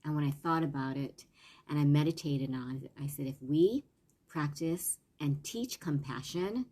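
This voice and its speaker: Low-voiced earnest parenting coach woman. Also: moderate pace, mellow, husky. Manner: meandering, earnest, many fillers and restarts. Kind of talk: casual live-stream talk.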